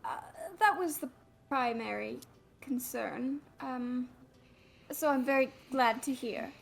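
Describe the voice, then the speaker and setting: A woman's voice: high voice, slow pace, gravelly, exaggerated voice. A woman voicing an earnest, apologetic man in tabletop role-play, stammering and repeating herself as she speaks. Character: earnest, apologetic man fussing over a friend.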